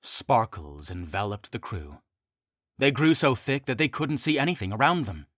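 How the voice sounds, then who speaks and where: A man narrating his own fantasy comedy audiobook in an expressive, animated way. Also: medium pitch, normal speed, no room sound, clean studio sound.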